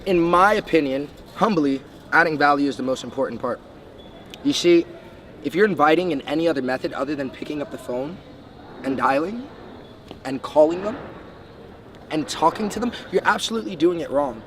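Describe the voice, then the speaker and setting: A man's voice: a little high, fairly bright tone. A young man from the Bahamas giving emphatic, step-by-step motivational sales coaching. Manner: brisk, emphatic, lays out numbered steps. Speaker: sales trainer. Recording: distant mic, faint street noise.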